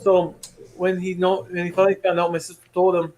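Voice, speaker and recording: A man's voice: sits high, monotone, brisk, darkish tone, a little hiss or hum. A man chatting casually, rambling and stumbling through personal stories. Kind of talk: casual chat.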